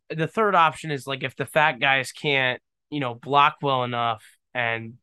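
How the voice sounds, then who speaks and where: A man's voice: medium pitch, sharp tone, smooth, no echo. A man in his twenties hosting a casual solo podcast, joking and rambling off on tangents into a microphone. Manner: rambling, jokey, goes off on tangents. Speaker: podcast host. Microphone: studio microphone, on camera.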